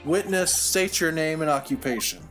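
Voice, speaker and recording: A man's voice: on the high side, expressive, normal speed, fairly bright tone, faint music behind. A man voicing a stern older judge, formal and commanding, as he reads game dialogue aloud.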